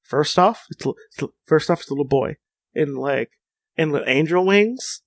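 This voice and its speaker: A young man chatting casually, his voice sitting a bit high. He rambles eagerly, doubling back on his words as he goes. The sound is dry and close. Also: expressive, moderate pace, no echo. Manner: enthusiastic, rambling with many restarts. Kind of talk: casual chat.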